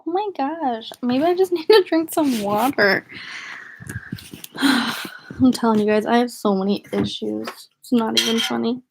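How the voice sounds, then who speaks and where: Chatty young woman vlogger, slightly high. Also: unhurried, gravelly, a little hiss or hum. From northern United States. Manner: chatty, rambling, giggly. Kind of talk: casual livestream chat.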